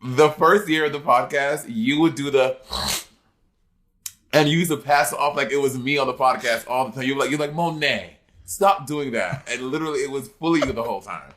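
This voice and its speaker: A man co-hosting a podcast, telling stories in lively casual chat with swearing. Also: medium pitch, a little fast. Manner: storytelling, animated, swearing. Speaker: podcast co-host.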